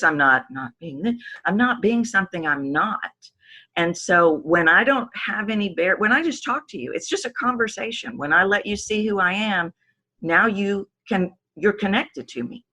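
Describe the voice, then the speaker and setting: A woman vocal coach speaking as a podcast guest, animated, sometimes shifting her voice to demonstrate. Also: fairly low pitch. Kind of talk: podcast interview.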